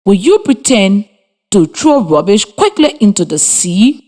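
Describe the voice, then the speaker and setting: Slow, lively woman teaching by radio. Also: medium pitch. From Liberia. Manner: slow, clear and encouraging, spells words letter by letter. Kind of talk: slow scripted radio lesson for children. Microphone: radio studio mic.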